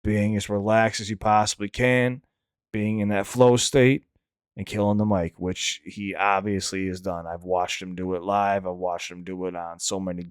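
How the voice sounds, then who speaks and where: A man's voice: low voice, clean tone, no room sound, clean studio sound. A man hosting a reaction channel who also raps. He gives casual, candid commentary that rambles, restarts often and swears freely. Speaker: reaction channel host and rapper.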